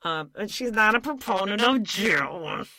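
A woman's voice: mid-range voice, measured pace, no echo. A woman co-hosting a podcast, recapping a reality show in blunt, mocking casual chat. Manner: blunt, animated and mocking, with lots of swearing and laughter. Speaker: podcast co-host.

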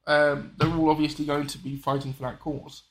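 A man with a fairly high-pitched voice talks in a loose, rambling way. He restarts his sentences often and slips in quick apologies as he goes. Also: little pitch movement. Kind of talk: casual political chat.

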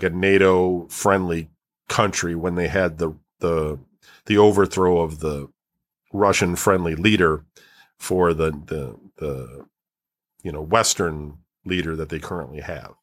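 A man talking in a casual, rambling way, with many fillers and restarts as he explains things at length. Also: low-pitched. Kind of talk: casual chat.

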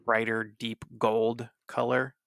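A man in his thirties co-hosts a podcast in casual, rambling chat, restarting often and using lots of fillers. He takes it slowly in a monotone, medium-pitched voice with vocal fry, smooth and fairly bright. The recording is dry and studio quality.

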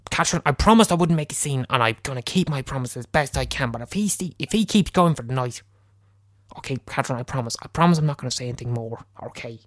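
A man's voice: medium pitch, expressive, quick pace, fairly bright tone, dry recording, clean studio sound, lightly acted. A man playing a seething, hissing partygoer. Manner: hissing, muttered, whispered. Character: seething man at a party, trying to keep his temper.

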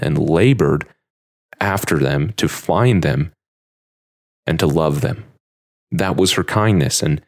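Deep-voiced earnest man teaching scripture. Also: no room sound, clean studio sound. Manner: earnest, musing, reads verses aloud with feeling. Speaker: podcast host teaching a scripture lesson. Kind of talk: reflective scripture lesson.

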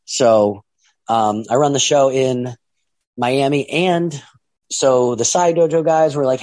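A man's voice: mid-range voice, slow, a little mellow, no room sound. Casting note: middle-aged male promoter, rambling storyteller, dry close sound. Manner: rambling, acts out quoted voices. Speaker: wrestling promoter and trainer. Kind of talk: casual storytelling monologue.

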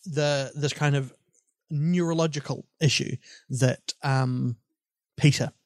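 A man's voice: medium pitch, steady tone, slow, dry recording. A man co-hosting a casual film podcast, rambling and self-mocking with lots of fillers. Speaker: podcast co-host.

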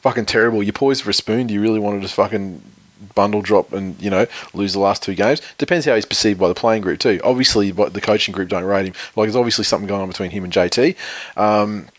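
A man's voice: on the low side, fast talker, no room sound. A man with an Australian accent chatting casually about sports, rambling and opinionated, swearing freely.

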